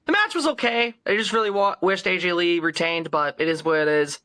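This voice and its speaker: Bright-voiced excitable young man. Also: high voice, a little fast, dry recording. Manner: excitable, swears freely, hypes matches. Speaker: podcast co-host. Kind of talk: casual chat.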